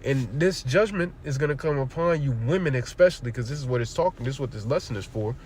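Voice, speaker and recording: A man's voice: medium pitch, expressive, fast, darkish tone, slight background noise. Blunt, profane livestream preacher man. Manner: reads verses aloud, then explains them bluntly with profanity and rhetorical questions. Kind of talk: streamed scripture lesson.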